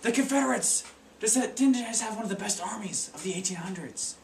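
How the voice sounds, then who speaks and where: A teenage boy putting on the voice of a brash, boastful young rapper who interrupts loudly. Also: high-pitched, lively intonation, a little fast, vocal fry. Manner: shouting interruptions, singsong. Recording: echoey room, taped from far off.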